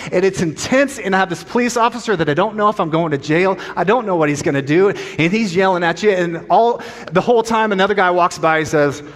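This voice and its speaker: A middle-aged man preaching a sermon as a pastor, an animated, self-deprecating storyteller, in a church sanctuary. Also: high-pitched, fast. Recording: long church hall reverb.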